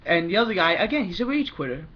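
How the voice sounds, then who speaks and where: This young man's voice sits high and is very animated, though the audio is dull. He's a gaming vlogger offering a rambling opinion on games, frequently breaking off to restart sentences and speaking fast in bursts.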